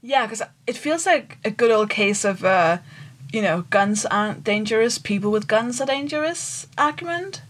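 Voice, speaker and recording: A woman co-hosting a podcast in easy, casual chat. She jokes around and works through her ideas out loud, often trailing off and restarting. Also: fairly high pitch, animated, moderate pace. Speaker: podcast co-host.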